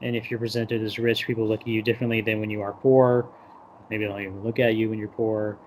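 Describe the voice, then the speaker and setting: A man's voice: on the low side, level tone, quick pace, darkish tone, slight background noise. A young adult man hosting a podcast, recapping a film in a loose, rambling way full of "like" and acted-out quotes. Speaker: podcast host. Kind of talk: casual movie discussion. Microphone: podcast microphone.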